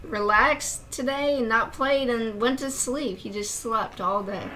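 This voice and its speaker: A woman's voice: a little high, measured pace, bright, forceful tone, a little hiss or hum, rough recording. A woman co-hosting, chiming in with short interjections and laughs during a casual chat. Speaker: co-host and wife.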